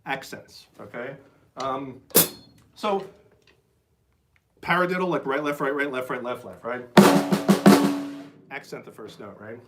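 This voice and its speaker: A man's voice: mid-range voice, measured pace, long pauses, over loud music. A man giving a casual, enthusiastic drum lesson on a live stream, peppering his talk with "like" and "right?" and scatting rhythms aloud. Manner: chatty, enthusiastic, full of "like" and "right?"; scats rhythms aloud with syllables. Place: drum shed. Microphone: phone.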